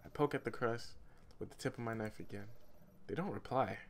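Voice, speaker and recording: A man's voice: medium pitch, a little fast, creaky, slight background noise. A male streamer reading a story game aloud, breaking off with rambling, self-mocking jokes and laughter.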